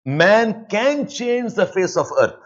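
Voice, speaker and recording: Slow Indian English lecturer dictating notes. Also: male voice, sits high, big pitch swings, highs cut off. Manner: repeats points slowly for students to write down; mixes Hindi asides into English. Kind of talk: live online lecture with dictation.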